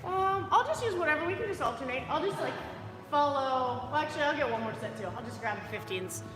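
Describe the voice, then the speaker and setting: A woman's voice: high voice, expressive, fast, fairly bright tone, long reverb tail. A woman fitness coach giving upbeat, chatty movement cues during a live workout.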